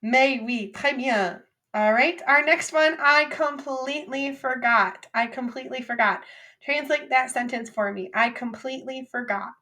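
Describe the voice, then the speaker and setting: A woman teaching a recorded French vocabulary lesson, drilling phrases with clear, upbeat repeat-after-me prompts. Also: high-pitched, unhurried, bright, forceful tone.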